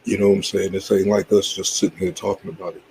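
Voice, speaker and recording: A man's voice: deep voice, little pitch movement, fast talker, a little mellow, slight background noise, poor audio. A man hosting a casual reaction commentary, laid-back and agreeing, often saying "you know what I'm saying". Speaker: channel host reacting to a clip.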